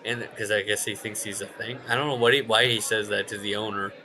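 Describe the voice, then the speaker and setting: A podcast co-host with a fairly low voice talks quickly in casual chat about wrestling, on a rough recording with slight background noise. He's an animated storyteller who swears plenty and acts out what other people said.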